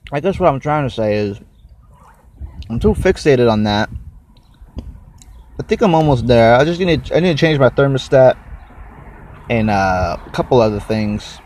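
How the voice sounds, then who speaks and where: A man's voice: medium pitch, a little mellow, slight background noise. A young man hosting a casual solo podcast, rambling and cursing while he chews and snacks on mic. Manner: rambling, swears a lot, chews and eats while talking. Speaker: podcast host.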